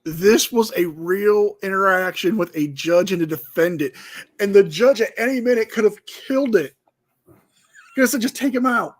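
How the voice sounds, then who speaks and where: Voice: mid-range voice, moderate pace. A show host giving reaction commentary on a clip, with amused asides.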